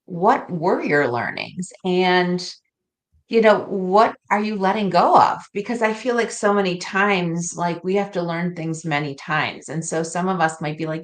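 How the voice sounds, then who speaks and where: A woman with a fairly low, unhurried voice hosts a podcast interview. She affirms her guest and asks open questions throughout the conversation.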